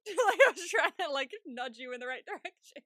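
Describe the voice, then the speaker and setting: Bright chatty young woman podcaster. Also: sits high, expressive, fairly quick, dry recording, clean studio sound. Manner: chatty, laughs often, acts out her own reactions. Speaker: podcast co-host. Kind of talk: casual chat.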